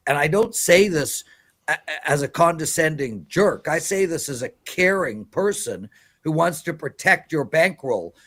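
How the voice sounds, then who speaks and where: A man's voice: fairly high pitch, lively intonation, a little slow, a bit bright. A man giving emphatic, preachy sports betting picks on a live show.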